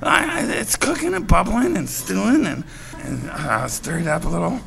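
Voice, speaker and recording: Man playing a creepy preacher-chef, very gravelly, bright, rambling cooking patter. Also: high-pitched, lively intonation, moderate pace, pitched below the performer's own voice, heavily acted, rough recording. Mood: gleeful.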